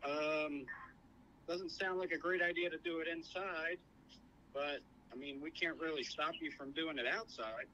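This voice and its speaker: A male emergency dispatcher talks on the phone in a polite, hesitant way, full of ums and "I mean." His voice is fairly high and bright. Faint noise runs beneath the call. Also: fairly even intonation, measured pace, dull audio. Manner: hesitant, filler-heavy, polite. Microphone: telephone.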